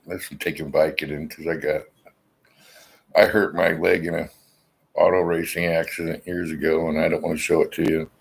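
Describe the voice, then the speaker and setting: Deep gravelly guy with the hiccups, rambling and suspicious, swears a lot. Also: level tone, normal speed, rough recording. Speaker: vlogger. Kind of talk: casual rambling monologue to camera.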